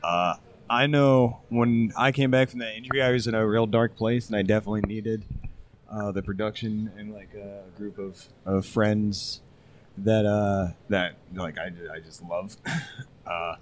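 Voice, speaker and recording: A man with a fairly low voice who is a wrestler. He speaks haltingly and emotionally, pausing on fillers. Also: fairly even intonation, a little hiss or hum. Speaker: wrestler guest. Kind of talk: casual chat.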